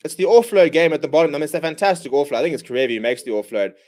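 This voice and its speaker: A man with a fairly high voice hosts a live rugby watchalong, ranting in exasperation at his own team. He calls the action in short, clipped bursts between complaints. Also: very fast, darkish tone. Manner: exasperated, ranting fan commentary. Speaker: watchalong host. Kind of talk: live match watchalong commentary.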